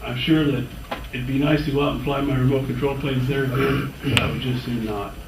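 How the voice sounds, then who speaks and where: Man, public commenter, measured; distant, echoey, noisy recording. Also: medium pitch, fairly even intonation. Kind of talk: spoken public comment at a county board meeting.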